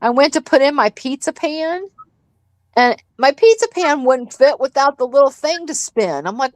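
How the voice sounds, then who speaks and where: A woman's voice: high voice, lively intonation, normal speed, no echo, rough recording. A middle-aged woman hosting a casual chat, blunt and profane as she rants. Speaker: host.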